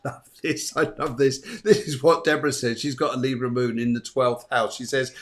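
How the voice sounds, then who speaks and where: A man's voice: medium pitch, level tone, normal speed, few pauses. A man hosts a spiritual chat show in a mid-range voice. He talks eagerly, laughs a lot and drops into quoted voices as he riffs. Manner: enthusiastic, laughs often, acts out quoted voices. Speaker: host of a spiritual and astrology show. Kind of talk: casual chat.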